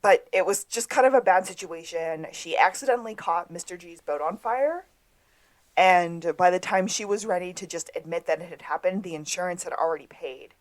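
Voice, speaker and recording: A woman co-hosting a podcast, casually retelling a TV episode and acting out the characters' lines. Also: lowish voice. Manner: storytelling, acts out quotes with drawn-out delivery. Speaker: podcast co-host. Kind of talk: casual episode recap chat.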